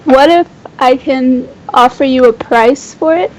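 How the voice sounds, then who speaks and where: Woman tabletop player, high and slow, hesitant, polite in-character talk. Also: slight background noise, poor audio. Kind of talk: playing a character in a tabletop game.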